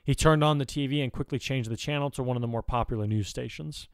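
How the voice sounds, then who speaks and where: A man reading a fan fiction story aloud as narrator, steady and clear. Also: medium pitch, quick pace, no room sound, studio quality. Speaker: narrator, audiobook reader.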